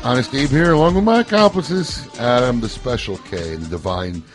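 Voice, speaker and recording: A man's voice: mid-range voice, moderate pace, faint music behind. A man hosting a casual radio talk show, teasing his guests and joking between questions. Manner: jokey, teasing, lively interviewer.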